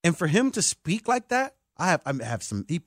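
A man hosting a sports talk show, excitable and emphatic like a hyped fan. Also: a little high, moderate pace, dry recording, studio quality. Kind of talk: animated sports podcast talk.

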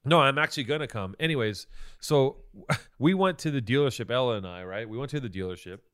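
A man's voice: mid-range voice, animated, fairly quick, a bit bright, smooth. A man co-hosting a podcast, telling a long story in casual chat, swearing often and restarting his sentences. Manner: rambling, profane storytelling with many restarts. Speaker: podcast co-host.

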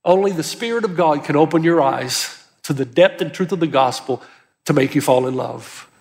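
Male pastor, sermon, high voice, emphatic, long hall reverb. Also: animated, normal speed, gravelly. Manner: earnest, emphatic preaching with rising pitch on key words.

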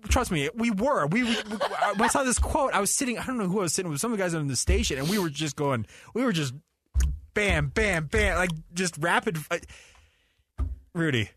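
A man hosting a sports radio show in a studio, bantering casually with animated, chuckling rants. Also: high-pitched, brisk, breathy edge, no room sound.

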